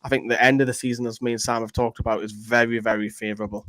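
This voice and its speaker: A man chats loosely through viewer comments as co-host of a fan show, rambling and joking as he goes. His voice sits at an ordinary pitch and sounds dry and close to the mic. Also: level tone, a bit bright, dry recording, rough recording. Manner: chatty, rambling, quick to joke. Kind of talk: casual chat reading viewer comments.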